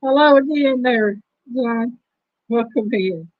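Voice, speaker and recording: A woman with a fairly high voice hosts a relaxed trivia stream and reads each question slowly. The sound is dry and dull, with a lo-fi edge. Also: no room sound. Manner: reads quiz questions slowly and repeats them. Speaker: host. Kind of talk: casual livestream trivia chat.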